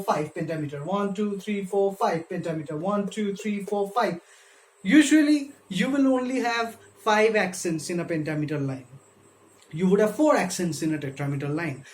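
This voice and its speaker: A literature lecturer giving a slow, explanatory video lesson, counting syllables and stresses aloud, with frequent hesitations. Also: medium pitch, a little mellow. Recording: roomy echo.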